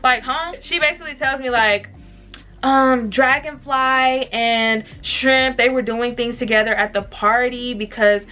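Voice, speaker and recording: Bright-voiced woman vlogger, blunt and profane. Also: on the high side, measured pace, soft background music. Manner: blunt and profane, animated retelling. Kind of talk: casual storytime.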